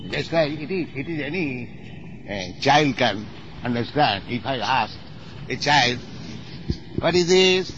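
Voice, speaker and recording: A man's voice: mid-range voice, a little slow, fairly bright tone, dull audio, a little hiss or hum. A man who is a spiritual teacher, instructing in conversation, emphatic and corrective and often repeating himself.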